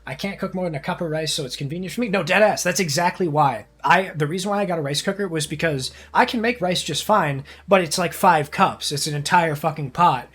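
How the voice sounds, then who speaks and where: A man's voice: on the high side, a little fast, hardly any pauses, fairly bright tone, husky. A young man streaming live, chatting casually in a rambling, crude way with heavy swearing.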